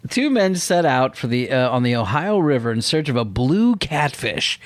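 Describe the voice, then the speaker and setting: A man's voice: mid-range voice, big pitch swings, normal speed, dry recording. A man hosting a casual podcast, joking and swearing freely as he reads out odd news stories. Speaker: podcast host.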